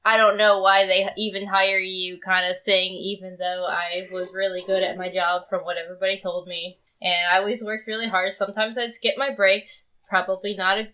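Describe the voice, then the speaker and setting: A woman's voice: medium pitch, level tone, moderate pace, few pauses, pushed and bright. A woman guest on a casual podcast, telling a work story with lots of fillers and laughter. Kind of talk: casual chat.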